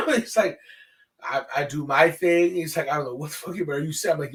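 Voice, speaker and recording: Animated high-voiced man telling stories. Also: brisk, distant mic. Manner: animated, profane, acts out quoted dialogue. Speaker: podcast host. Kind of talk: casual solo storytelling.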